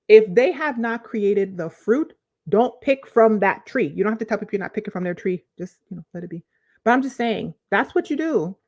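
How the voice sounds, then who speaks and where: A woman, a life coach, giving animated, conversational advice to camera and repeating phrases for emphasis. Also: medium pitch. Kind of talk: direct-to-camera coaching talk.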